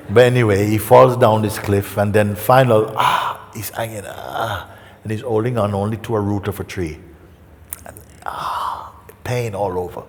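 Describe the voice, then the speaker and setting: A man giving a satsang talk as a spiritual teacher, gentle and unhurried, often checking in with listeners by asking questions. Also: on the low side, slight background noise. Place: large meeting hall. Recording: echoey hall with faint ambience.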